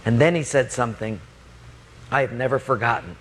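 A middle-aged man preaching a sermon as a lively story, acting out the voices and often laughing as he talks. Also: mid-range voice, a little fast, long pauses, slight background noise.

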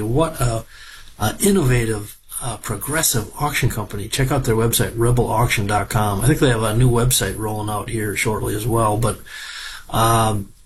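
A man's voice: medium pitch, slight background noise, rough recording. A middle-aged man from Minnesota giving a casual, folksy report on farm equipment auction prices, wandering into asides along the way. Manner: folksy, digressive, with fillers.

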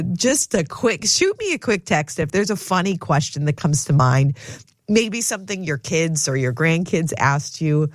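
A woman's voice: sits low, no room sound. A cheerful woman in her thirties co-hosts a morning radio show, chatting casually and laughing often. Her voice is dry and close on a studio microphone.

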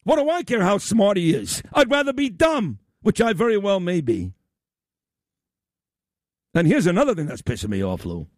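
Loud ranting talk radio man. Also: high voice, sing-song, normal speed, long pauses, no echo, clean studio sound. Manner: loud, combative, sarcastic ranting. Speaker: radio talk show host.

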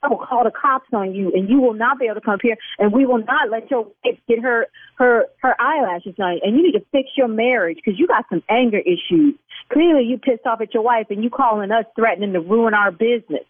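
Woman, sassy scolding salon owner, high voice, dry phone-line sound. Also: brisk, no room sound. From Chicago South Side.

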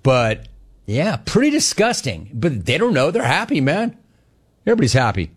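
Animated male sports radio host. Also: a little high, normal speed, breathy edge. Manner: animated storyteller, wry and conversational. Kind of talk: talk radio monologue.

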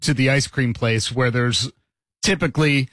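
A man's voice: medium pitch, steady tone, moderate pace, a bit bright, no echo. A middle-aged man hosting a morning radio show, telling stories and laughing as he talks. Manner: storytelling, laughing often.

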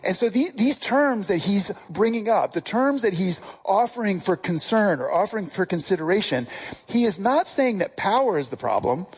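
Husky-voiced preacher with a lively delivery. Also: mid-range voice, normal speed, poor audio. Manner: casual, asks the listeners direct questions. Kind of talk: conversational sermon.

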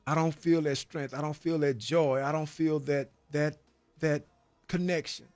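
A man with a high, steady, somewhat mellow voice gives a measured, earnest testimony about his faith and prison time. Faint music plays behind him in a room with no sound of its own. He adds "man" to phrases often and repeats words when stirred, in a preacher-like cadence.

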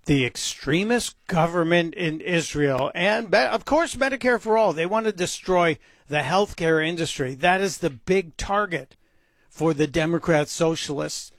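A man's voice: a little high, expressive, measured pace, dry recording. A man hosting a talk radio show, delivering a sarcastic, mocking opinion monologue into a close studio mic.

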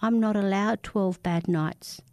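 A woman's voice: medium pitch, fairly even intonation, measured pace, darkish tone, clean tone, no room sound, close to an everyday voice. A woman voicing a bitter, vengeful young man with a gun who speaks in cold, clipped, resentful lines.

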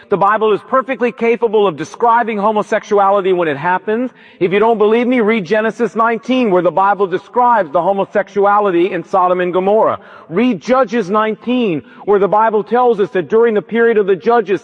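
Emphatic preacher in an echoing hall. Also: male voice, sits high. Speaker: pastor. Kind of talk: sermon. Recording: dull lo-fi with long reverb, church sermon recording.

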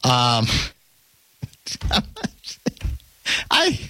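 A man hosting a talk radio show, rambling and animated, often breaking off and restarting his sentences. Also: mid-range voice, very slow. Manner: animated, rambling, self-interrupting.

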